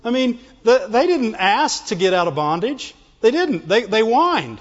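A man preaching a sermon, animated and playful, acting out whining voices and laughing often. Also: sits high, unhurried, few pauses. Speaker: pastor. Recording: dull sound with long hall reverb.

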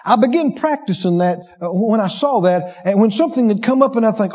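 A man preaching a sermon, animated, acting out inner voices and laughing as he preaches. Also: high-pitched, fast, hardly any pauses, highs cut off.

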